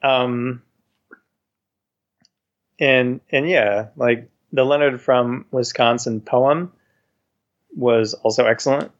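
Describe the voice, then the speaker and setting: A man co-hosting a podcast answers in short, flat, deadpan lines. His pitch is ordinary for a man. The recording is a little muffled and dull, as if the highs were rolled off. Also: takes it slowly, pauses often. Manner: deadpan, short dry replies. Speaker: podcast co-host. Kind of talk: casual podcast chat.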